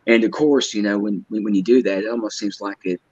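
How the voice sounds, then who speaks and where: A man telling a personal story as a guest, halting and hesitant, often repeating his words. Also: fairly low pitch, fairly even intonation, a little mellow, husky, no room sound. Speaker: guest caller. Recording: dull lo-fi line.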